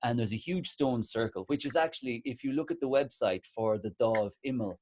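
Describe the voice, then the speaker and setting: A man's voice: medium pitch, a little fast, darkish tone, a little hiss or hum. Eager Irish man in his forties. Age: 40s. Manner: eager, restarts his sentences, shows things to the camera. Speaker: co-host. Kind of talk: casual group conversation.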